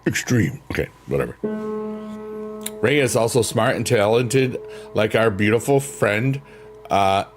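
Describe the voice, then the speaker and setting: A man's voice: lowish voice, animated, unhurried, pauses often. A man casually chatting with his stream viewers, rambling and laid-back, laughing at himself. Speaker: livestreamer. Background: soft piano music.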